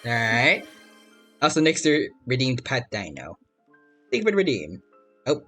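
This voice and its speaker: A man's voice: mid-range voice, wildly swooping pitch, unhurried, sharp tone, slightly rough, faint music behind. Casual man streamer; playful, chatty, reads out chat between plays. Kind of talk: casual live game commentary.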